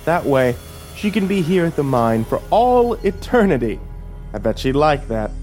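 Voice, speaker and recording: A man's voice: a little high, sing-song, normal speed, a little mellow, faint music behind, voice pushed up. A man doing a sneering cruel sheriff. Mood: mocking. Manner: mocking, contemptuous drawl. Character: sneering cruel middle-aged male sheriff. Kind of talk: horror story narration.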